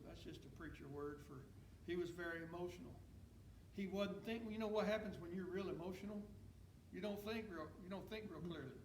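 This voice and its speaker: A man teaches a Sunday school lesson in a folksy, emphatic preaching style. His voice is high-pitched and gravelly. He is heard from a distance in an echoey room with faint background noise. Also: darkish tone. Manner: folksy, emphatic, voice rising when stirred. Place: church classroom.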